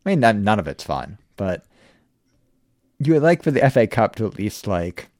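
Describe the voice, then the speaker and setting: A man's voice: fairly low pitch, very animated, normal speed, darkish tone, no echo, studio quality. A man hosting a casual podcast, laid-back and wry, laughing often and swearing casually. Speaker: podcast host.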